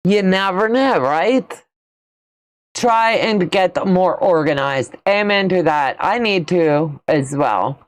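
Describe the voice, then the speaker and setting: Slow-talking woman quilting host. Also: fairly low pitch, animated. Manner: chatty, folksy, reads out and answers viewer comments. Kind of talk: casual livestream chat.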